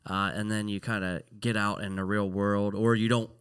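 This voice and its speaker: A man talks casually as a podcast guest. He pauses often and fills gaps with "uh" and "you know" as he thinks aloud. His voice sits a little low but comes across bright and forward, recorded dry and close. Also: flat delivery, clear, resonant tone, dry recording. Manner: reflective, halting with many fillers.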